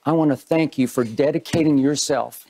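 An older man, a TV sports debate host, giving an earnest and measured on-air tribute to his departing co-host. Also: fairly high pitch, warm tone. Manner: measured, earnest, reads in repeated phrases.

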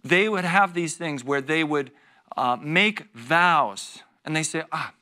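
A man's voice: on the high side, a little slow, sharp tone. A man teaching a Bible study as a pastor, reading scripture with rising force and acting out little scenes. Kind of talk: expository sermon. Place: church.

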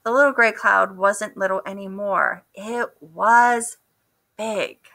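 A woman reading a children's picture book aloud, expressive and asking the listeners questions. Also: mid-range voice, slow pace, creaky. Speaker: storybook reader. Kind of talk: children's story read-aloud.

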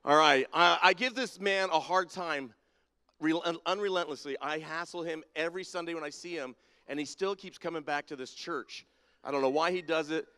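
The long reverb of a big hall colors this clip of a man running a playful participation segment in a large church sanctuary with a balcony and spotlights. His voice is on the high side, bright, forceful and clean, at a normal speed, as he teases people and calls them down by name.

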